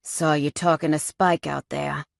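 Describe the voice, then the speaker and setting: A woman voicing a gruff, growling male biker in a romance audiobook, dropping her voice low. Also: little pitch movement, unhurried, no echo, clean studio sound, full character voice.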